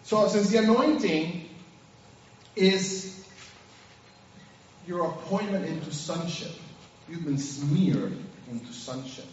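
Male preacher, sermon, animated storytelling, very echoey hall, dull distant recording. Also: high-pitched, slow, long pauses, slight background noise. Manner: animated storytelling, acts out scenes.

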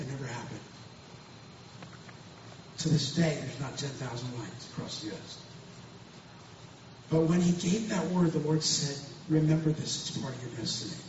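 A man speaking as a pastor, giving an earnest, emphatic personal testimony, often repeating himself and restarting. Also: on the high side. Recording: very echoey distant room, dull and noisy.

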